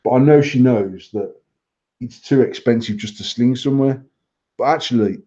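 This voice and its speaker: A man's voice: mid-range voice, mellow, lo-fi sound. A man in his thirties from England, co-hosting a casual podcast at home and ranting in a mocking, foul-mouthed way. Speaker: podcast co-host. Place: living room at home.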